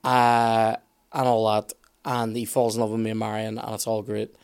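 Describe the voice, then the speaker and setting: A man chatting casually on a podcast, opinionated and animated, with some swearing. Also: lowish voice, moderate pace, creaky, clean tone. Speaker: podcast guest expert.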